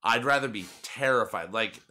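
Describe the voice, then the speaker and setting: A man's voice: medium pitch, moderate pace, bright, forceful tone. A young man in his twenties hosting a podcast, chatting casually and rambling with many fillers and restarts. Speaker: podcast host. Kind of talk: casual chat.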